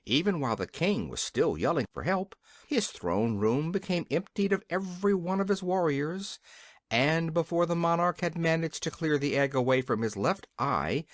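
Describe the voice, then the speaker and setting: Man reading an old kids fantasy book, really lively voice, dry close mic. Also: fairly high pitch, dry recording. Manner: expressive storytelling. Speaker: audiobook narrator. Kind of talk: scripted narration.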